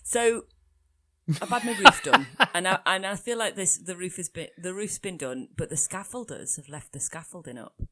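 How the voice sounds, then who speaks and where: A woman's voice: on the low side, moderate pace, bright, forceful tone. A young woman with a Geordie accent co-hosting a podcast, chatty and self-mocking, often laughing. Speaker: podcast co-host. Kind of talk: casual chat.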